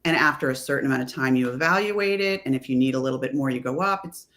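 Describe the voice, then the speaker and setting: A middle-aged woman pharmacist, a guest in an interview, talking in an animated way and acting out the dialogue she tells. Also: a bass voice, fast talker. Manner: animated storyteller, acts out quoted dialogue. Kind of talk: conversational interview.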